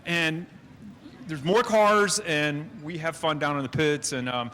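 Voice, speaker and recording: Relaxed man, somewhat high voice, joking about his own mistakes after a race, outdoor track. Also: measured pace. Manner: relaxed, self-mocking humor. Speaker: second-place driver. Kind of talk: post-race interview. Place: outdoor speedway.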